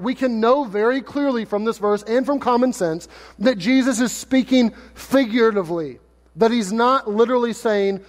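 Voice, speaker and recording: A pastor preaches with a high, bright-edged voice, chatting with the crowd and cracking jokes between points. His words ring out in a long hall reverb. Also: moderate pace. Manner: conversational, joking, rhetorical questions. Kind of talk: sermon.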